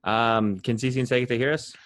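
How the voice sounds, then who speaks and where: A man leading a casual book club chat, laid-back and a bit halting. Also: medium pitch, steady tone, a bit bright, dry recording, clean studio sound.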